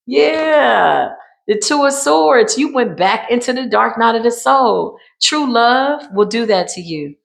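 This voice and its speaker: A woman's voice: mid-range voice, vocal fry, a little hiss or hum. A woman doing a casual tarot card reading, talking in an emphatic, repetitive and colloquial way and calling her viewers y'all.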